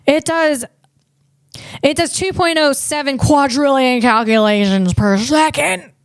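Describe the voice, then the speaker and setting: A woman's voice: high voice, measured pace, dry recording, studio quality. A woman hosting a comedy podcast, riffing casually and interrupting herself as she talks. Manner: chatty, riffing, self-interrupting.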